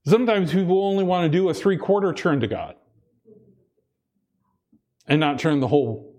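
A man's voice: fairly high pitch, lively intonation, moderate pace, dark tone. A man preaching a sermon, earnest, repeating himself and restarting phrases as he presses his point. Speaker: pastor.

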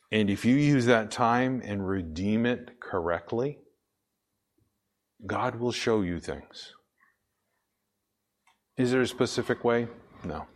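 Guy preaching a sermon, lowish voice, slows way down to hammer points, asks then answers.

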